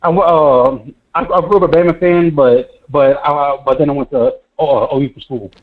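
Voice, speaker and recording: A young man calling in to a sports show, ranting, stuttering in his anger and breaking into near-shouts. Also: fairly even intonation, moderate pace. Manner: frantic, stuttering, pitch leaping into shouts. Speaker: caller. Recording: dull lo-fi call audio.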